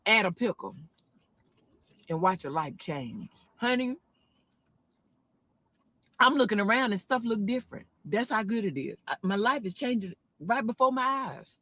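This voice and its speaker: A woman in her car, chatting into her phone and reviewing a sandwich, with a drawn-out, preacher-like cadence. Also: mid-range voice, no echo. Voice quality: animated southern-style preacher cadence, drawn-out exclamations. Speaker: food video creator. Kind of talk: casual selfie video review.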